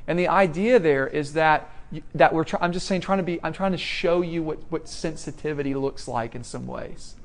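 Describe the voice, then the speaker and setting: Higher-voiced man preaching. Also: moderate pace, few pauses. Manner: conversational, rhetorical questions, swings between soft and loud. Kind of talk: sermon.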